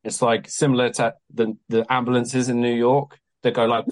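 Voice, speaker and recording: A man in his twenties or thirties tells a chaotic story on a podcast, with a voice of ordinary pitch. He jumps into quoted exchanges with plenty of swearing and a lively, animated delivery. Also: moderate pace, poor audio. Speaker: guest, venue promoter.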